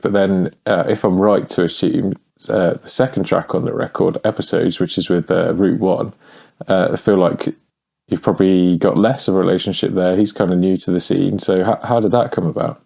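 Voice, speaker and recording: A podcast host with a very deep, gravelly voice and a dark, mellow tone. He asks his questions in a relaxed, rambling way, with the ease of casual chat. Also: brisk. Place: podcast studio.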